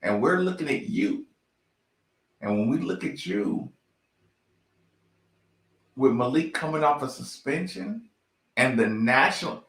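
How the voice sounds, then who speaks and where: A man's voice: fairly high pitch, bright, forceful tone. A man giving blunt, profane fan commentary on a basketball team, ranting in slang. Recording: echoey room.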